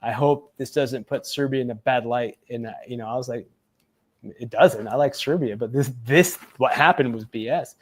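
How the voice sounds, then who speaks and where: A man's voice: mid-range voice, normal speed. Former SEAL telling his story casually. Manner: animated retelling, acts out quoted voices, many fillers. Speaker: guest, former Navy SEAL.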